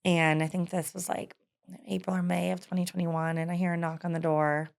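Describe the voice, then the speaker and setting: A woman's voice: fairly low pitch, little pitch movement, a little fast, vocal fry. A woman in her thirties telling her personal story in an interview, candid and hesitant, with frequent fillers and laughs. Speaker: guest.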